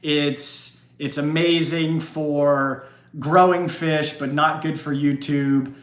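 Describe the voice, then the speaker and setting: A man's voice: on the high side, little pitch movement, takes it slowly. Brief: casual, rambling male streamer answering viewer questions in a roomy space. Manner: chatty, laughs often, rambling. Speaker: livestream host. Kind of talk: casual live Q&A chat. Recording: roomy echo.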